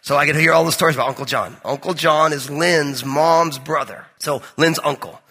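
A high, bright male pastor from New with a husky edge, preaching in a conversational, joking storyteller's manner. His voice rings out with a long reverb in a large church hall. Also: normal speed. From New Jersey. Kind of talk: sermon with personal storytelling.

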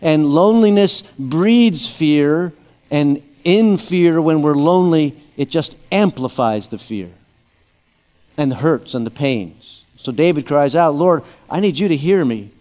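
A man preaching a sermon with a slightly higher-than-usual voice in a church sanctuary, with long reverb trailing each phrase. He keeps an easygoing, conversational tone and slips in light humor. He slows down and drops low when he reads scripture. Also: animated, warm tone. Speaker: pastor.

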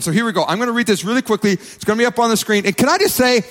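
A man's voice: high-pitched, racing, few pauses, a bit bright. A man preaching a sermon as pastor, emphatic and repeating his phrases. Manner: emphatic, repeats phrases, quotes people in acted voices. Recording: long reverb of a church hall.

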